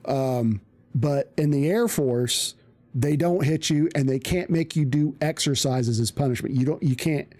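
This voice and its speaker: A man's voice: mid-range voice, a little slow, a little mellow. A male streamer telling a casual story, rambling with restarts and plenty of swearing.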